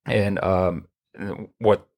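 A man's voice: low voice, fairly even intonation, very slow, a little mellow. A man hosting a podcast, talking in a rambling, profane way with many restarts. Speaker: podcast host. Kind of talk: casual chat.

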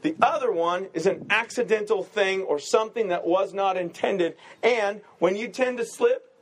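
A man pastor giving a casual, joking sermon, full of quick asides and rhetorical "right?" questions. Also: sits high.

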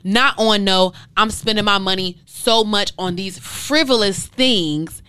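A woman's voice: medium pitch, unhurried, pushed and bright, clean tone, no echo. A woman hosting her own podcast, speaking emphatically and heartfelt straight to her listeners, piling up rhetorical questions. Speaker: podcast host. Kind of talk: casual podcast monologue.

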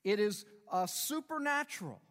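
Animated high-voiced male preacher in a hall. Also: moderate pace. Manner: conversational preaching with rhetorical questions and humor. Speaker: pastor. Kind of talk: sermon.

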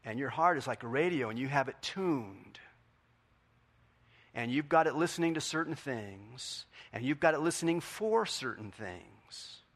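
A middle-aged man preaching a sermon in a conversational way, asking the congregation questions and swinging from quiet to loud. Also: medium pitch, lively intonation, a little slow. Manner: conversational, asks the audience questions. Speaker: pastor.

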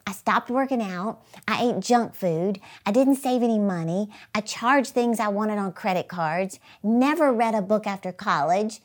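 A woman's voice: mid-range voice, measured pace, hardly any pauses. A middle-aged woman preaching an earnest motivational sermon, telling stories with emphasis.

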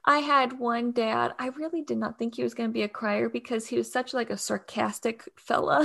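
A woman's voice: a little high, steady tone, normal speed, vocal fry, a bit bright. A young adult woman co-hosting a podcast, chatting casually with plenty of "like" and laughter. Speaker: doula podcast co-host.

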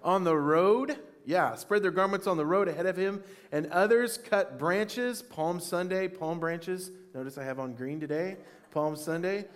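Guy preaching a sermon, voice a bit on the high side, asks the church questions, gets loud on the praise bits. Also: moderate pace. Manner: reads scripture aloud and rises to shouted praise lines; calls questions to the congregation. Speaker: pastor.

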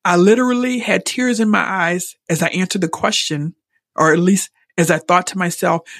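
A woman's voice: lowish voice, steady tone, normal speed, fairly bright tone, dry recording, studio quality. Earnest woman sharing a personal story. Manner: earnest, emotionally open, repeats words when moved. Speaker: podcast host. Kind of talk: personal reflective monologue.

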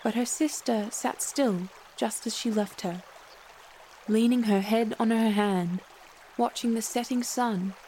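A woman narrating a classic storybook in a measured, clear reading voice. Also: fairly high pitch, mellow, slight background noise. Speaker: storybook reader.

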